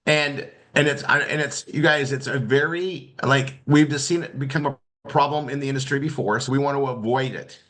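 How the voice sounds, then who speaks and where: A man with a bright, forceful voice coaching students in a loose, off-the-cuff training session. He talks in a rambling way, full of restarts and "you guys" asides. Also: medium pitch, steady tone, normal speed, hardly any pauses. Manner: rambling, many restarts and fillers. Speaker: marketing instructor. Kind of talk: casual training talk.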